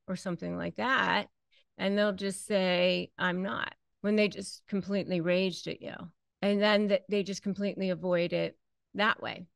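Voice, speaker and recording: Gravelly, unhurried woman giving advice. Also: medium pitch, fairly bright tone, dry recording. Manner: conversational, repeats herself, acts out quoted lines. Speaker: host. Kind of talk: direct-to-camera advice talk.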